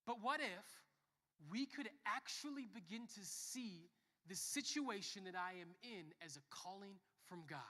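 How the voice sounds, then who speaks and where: A young man preaching a sermon as a pastor, joking and telling stories, swinging from quiet to loud. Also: high-pitched. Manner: lively, joking storyteller who shifts between soft and loud. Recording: long reverb of a church hall.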